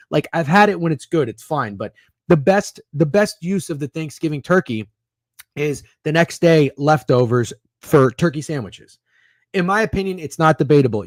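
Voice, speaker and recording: A man, wandering from one opinion to the next and swearing freely. His voice sits a little high for a man. The sound is close and dry. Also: darkish tone, no echo. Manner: rambling, profane, opinionated. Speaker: sports betting podcast host. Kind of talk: casual chat reading live comments.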